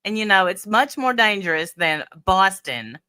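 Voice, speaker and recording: A woman's voice: mid-range voice, sing-song, normal speed, sharp tone, no room sound, studio quality. A woman from Tennessee with a Southern accent, hosting a casual livestream and teasing her guest in a playful way. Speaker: livestream host.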